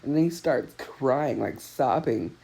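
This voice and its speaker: A woman's voice: lively intonation, slow pace, gravelly, warm tone, low-quality recording. Chatty woman telling a story with laughs. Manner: chatty, laughs often, pitch jumps on punchlines. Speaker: vlogger. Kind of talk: casual storytelling to camera.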